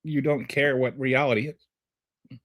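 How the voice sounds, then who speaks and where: A man's voice: mid-range voice, fairly even intonation, slow, a bit bright. A man hosting a livestream who gives political commentary and answers live chat in a sarcastic, combative way, often rambling and restarting. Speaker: livestream show host.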